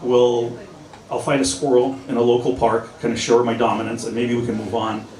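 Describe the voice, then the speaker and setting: His medium-pitched voice stays fairly flat and darkish as he talks a little fast, a former law enforcement officer performing comic stories for an audience and acting out the exchanges. Heard from a distance, the busy pub event echoes with crowd sound.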